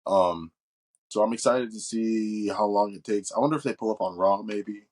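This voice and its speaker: A man's voice: lowish voice, moderate pace. A man co-hosting a podcast, chatting casually and rambling as he picks apart wrestling matches. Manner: relaxed, rambling, nitpicky. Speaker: podcast co-host. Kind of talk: casual wrestling review chat.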